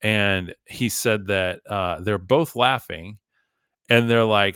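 A podcast host delivers a casual, emphatic monologue, frequently saying "like" and addressing his listeners as "guys." His fairly low voice is unhurried, clear, resonant, and a bit bright. The studio sound is clean, with no room sound.

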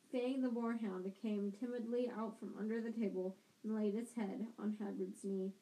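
An amateur audiobook reader, a woman with a mid-range, mellow voice, reads flatly at a moderate pace with few pauses. She often stumbles, restarting and correcting herself.

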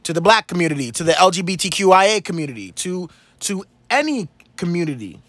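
A man's voice: high-pitched, big pitch swings, fast, a bit bright, no room sound. A man hosting a podcast in an impassioned spoken monologue, repeating phrases for emphasis and asking rhetorical questions like a preacher. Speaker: podcast host.

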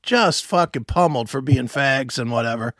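A man co-hosting a show, telling a story in casual chat, animated and swearing, acting out other voices. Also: medium pitch, normal speed, dry recording, studio quality. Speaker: podcast co-host.

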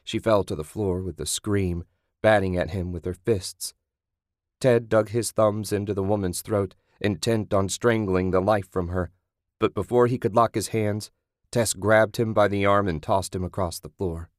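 A man narrating a graphic horror audiobook in a steady, scripted delivery. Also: on the low side, normal speed, dry recording, clean studio sound.

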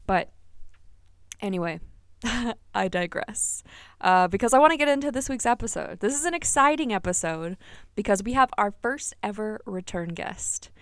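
A woman's voice: medium pitch, animated, moderate pace, a bit bright, dry recording. A woman hosting a podcast, talking candidly and with lots of energy, swearing freely and often laughing, recorded on a single microphone in a small closet. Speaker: podcast host. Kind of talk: casual podcast monologue.

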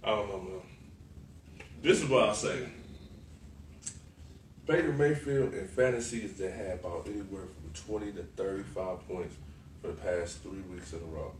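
A man in casual sports chat, animated and profane, riffing on teams and players. He sits back from the mic in a roomy space with faint noise behind. His pitch sits in the ordinary middle for a man. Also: moderate pace, pauses often, distant mic. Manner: animated, slangy and profane, laughing a lot. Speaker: podcast co-host.

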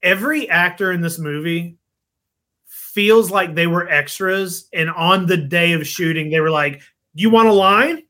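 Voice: mid-range voice, a little slow, bright, forceful tone. A podcast co-host in casual chat, sounding incredulous and jokey.

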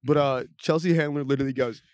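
A man's voice: mid-range voice, fairly even intonation, darkish tone, dry recording. Rambling young man, dry close mic. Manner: rambling storyteller, doing quick impressions. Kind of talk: casual chat.

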